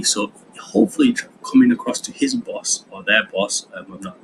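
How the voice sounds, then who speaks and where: A man's voice: fairly low pitch, huge pitch swings, measured pace, gravelly, a bit bright, a little hiss or hum, poor audio. A man, a drama teacher explaining a lesson in a chatty way with fillers. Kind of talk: recorded online lesson.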